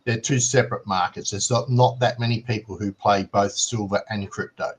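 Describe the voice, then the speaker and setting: A man with a fairly low voice joins a live stream as co-host. He talks in an easygoing, matter-of-fact way, often checking in with a quick "right?". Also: slightly rough. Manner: relaxed, explains plainly, ends points with "right?". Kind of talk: casual chat.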